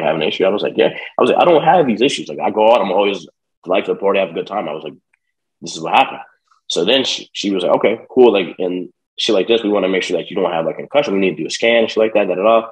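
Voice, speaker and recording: A man's voice: deep voice, fast talker, low-quality recording. A young man casually telling a long personal story, swearing often and acting out the people in it. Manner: profane, streetwise, animated retelling. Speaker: podcast guest.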